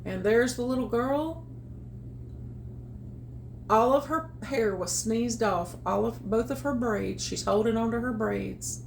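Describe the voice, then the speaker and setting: A woman reading a children's picture book aloud, with chatty, animated asides about the pictures. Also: on the high side, slow, creaky, a little hiss or hum. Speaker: storytime reader. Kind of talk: children's read-aloud with commentary.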